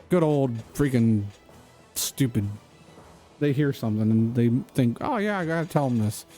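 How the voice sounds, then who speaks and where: A man's voice: mid-range voice, warm tone. A man streaming a video game, chatting casually in a rambling, joking way that keeps drifting off topic. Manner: rambling, joking, easily sidetracked. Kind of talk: casual chat while gaming.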